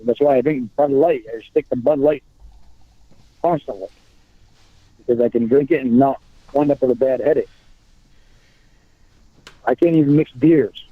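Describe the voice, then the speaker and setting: A man on a phone call, talking in halting bursts and repeating his words as he restarts. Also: medium pitch, no room sound. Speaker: caller on a recorded phone call. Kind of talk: casual phone conversation. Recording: tinny phone line.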